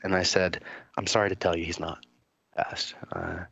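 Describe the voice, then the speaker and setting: A man's voice: sits low, little pitch movement, normal speed, gravelly, fairly bright tone, slightly rough, dry recording, muffled recording. A man hosting a podcast, telling a long story in casual chat, rambling and swearing, with many fillers and quoted dialogue. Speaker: podcast host.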